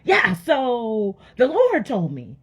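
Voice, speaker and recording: A woman's voice: on the high side, wildly swooping pitch, slow pace, slightly rough, full character voice. Noah, a woman doing a baffled, rambling ark builder. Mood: bewildered. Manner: hesitant, unsure, rambling. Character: puzzled bearded male ark builder, bewildered.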